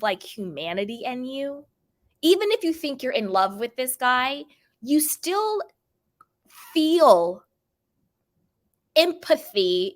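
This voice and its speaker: A woman hosting her own channel, giving chatty, emphatic commentary on reality TV gossip and repeating phrases for stress. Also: sits high. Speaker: host of a pop culture channel.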